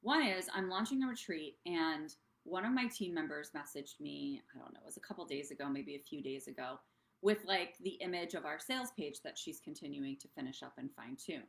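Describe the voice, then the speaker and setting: A woman's voice: deep voice, a little fast, vocal fry, roomy sound. A woman coaching other business owners on a live stream, talking in a bubbly, rambling way that drifts off track. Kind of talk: casual live-stream talk.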